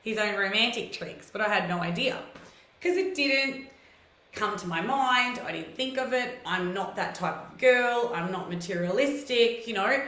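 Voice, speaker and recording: A woman's voice: mid-range voice, moderate pace, sharp tone, reverberant, poor audio. A woman hosting a live stream, telling personal stories in a casual, chatty way and greeting viewers by name.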